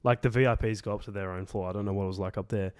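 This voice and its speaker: A man's voice: lowish voice, fairly even intonation, rapid-fire, a little mellow, clear, resonant tone, no room sound. Young aussie guy rambling through a travel story on a podcast, lots of "like", swears a bit, dry close sound. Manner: rambling storyteller, heavy use of "like", swears casually. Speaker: podcast co-host. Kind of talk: casual chat.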